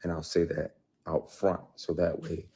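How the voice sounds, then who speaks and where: A low, level, unhurried voice, mellow with a breathy edge, belongs to an actor live-streaming without a script. He talks to his viewers heatedly, bluntly and profanely, repeating things to hammer the point.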